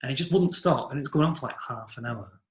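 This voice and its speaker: A young adult man tells a rambling story to friends in casual chat, peppered with "like" and offhand swearing. He talks fast in a medium-pitched voice, and the recording has a roomy echo with slight background noise.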